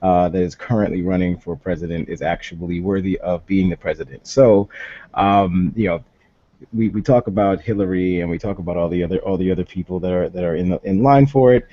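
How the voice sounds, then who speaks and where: A man with a husky voice, giving a laid-back, assertive comic answer on a panel game. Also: low voice, a little fast. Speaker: panel contestant. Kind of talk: comedic improv answer. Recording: muffled lo-fi recording.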